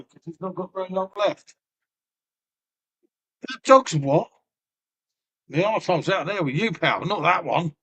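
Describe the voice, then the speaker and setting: A middle-aged man talks loosely to his live-stream viewers, rambling from one thing to the next. He swears freely and laughs often, in a voice that sits fairly high for a man. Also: lively intonation, measured pace, long pauses, a bit bright, slightly rough, lo-fi sound. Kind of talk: casual chat to a live stream.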